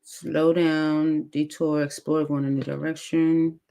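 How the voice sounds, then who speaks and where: A woman reading tarot cards aloud in a casual, chatty way, thinking out loud with many fillers. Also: low voice, level tone, measured pace, creaky. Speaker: tarot reader.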